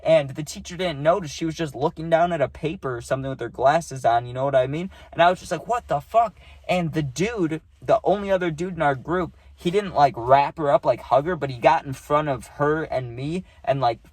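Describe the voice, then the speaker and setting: A man's voice: fairly high pitch, a little fast, hardly any pauses, darkish tone, no echo. A young man casually telling a story in a rambling, slangy way, cursing and saying dude a lot.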